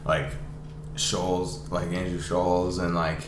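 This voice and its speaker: A young man co-hosting a podcast, telling funny stories in a laughing, animated, slangy way. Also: deep voice, measured pace. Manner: laughing, animated, slangy storytelling with quoted voices. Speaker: podcast co-host. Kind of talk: casual chat, retelling funny clips. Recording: echoey room, faint noise.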